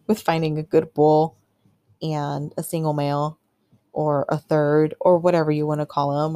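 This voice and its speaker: A woman's voice: low voice, dark tone, no room sound, studio quality. A woman hosting a podcast, telling a personal story in a candid, chatty way full of fillers and acted-out quotes. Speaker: podcast host. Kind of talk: casual storytelling monologue.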